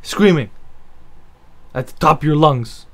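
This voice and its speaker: A man's voice: fairly high pitch, expressive, unhurried, a bit bright. A man telling a story-time rant, sarcastic and profane, rambling with asides.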